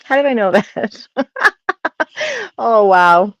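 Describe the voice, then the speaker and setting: A woman's voice: mid-range voice, slow pace, no room sound. A woman chatting casually as a guest on a livestream, giggly and teasing. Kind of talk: casual chat. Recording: dull, dry muffled call audio.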